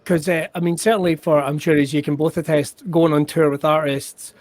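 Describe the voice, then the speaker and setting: A man's voice: fairly high pitch, flat delivery, fairly quick, darkish tone, dry recording. A man with a Scottish accent hosting a casual podcast interview, jokey and self-deprecating. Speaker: podcast host.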